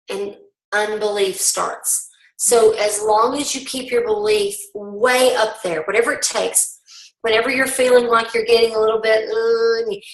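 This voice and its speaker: A middle-aged woman, a bit hoarse, telling her story to a sales team in a rambling, folksy way full of ums. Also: fairly high pitch. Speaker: guest speaker on a team call. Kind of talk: personal testimony to a sales team. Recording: roomy, distant conference-call audio.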